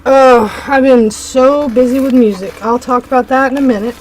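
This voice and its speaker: A woman talks casually to her viewers as she unboxes crafting supplies at home. She gushes readily, and her voice sits slightly high. A faint room ambience hangs behind her. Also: fairly even intonation, a little mellow, slight background noise, poor audio. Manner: chatty and effusive, quick to gush. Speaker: craft vlogger. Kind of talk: casual chat while unboxing mail.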